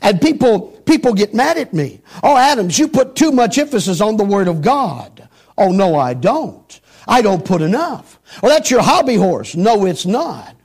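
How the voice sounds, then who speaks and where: A middle-aged man with a very high voice preaches a sermon emphatically. He repeats phrases for stress, and his voice climbs sharply on rhetorical questions.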